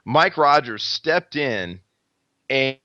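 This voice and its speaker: A man's voice: mid-range voice, expressive, drawn-out words, pushed and bright, dry recording, highs cut off. A man telling a rambling, profane fight story in casual podcast chat, acting out the quotes. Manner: rambling, heavy swearing, acts out quotes.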